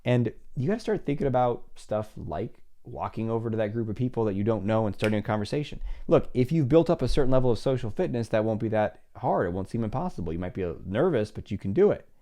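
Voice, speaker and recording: A man's voice: on the low side, animated, quick pace, hardly any pauses, mellow. A middle-aged man hosting a solo advice podcast as a psychologist, talking animatedly and acting out little dialogues in different voices.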